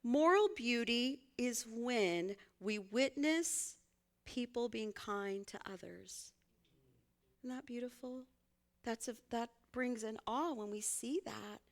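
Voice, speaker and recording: A woman minister, giving a conversational, folksy sermon and laughing often as she speaks. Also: a little high.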